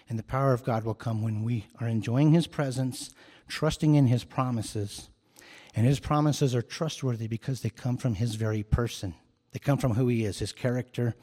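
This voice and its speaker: A man's voice: medium pitch, warm tone, long reverb tail. A man preaching a sermon as a pastor, earnest and emphatic, repeating key phrases for emphasis.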